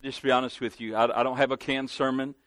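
A man's voice: mid-range voice, level tone, fast, fairly bright tone, no room sound. Southern man preaching, dry close sound. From Southern United States. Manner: earnest, calls for amens, many restarts. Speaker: guest preacher. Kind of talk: sermon. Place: church sanctuary.

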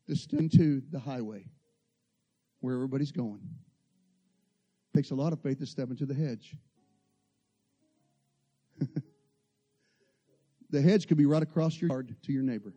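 A man preaching a sermon, telling stories and building to impassioned, loud peaks. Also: on the high side, measured pace, long pauses, faint music behind.

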